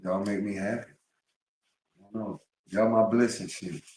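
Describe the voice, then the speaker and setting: A man's voice: fairly low pitch, steady tone, normal speed, a little mellow, echoey room. A man streaming live, talking casually to his viewers, rambling and profane with heavy slang.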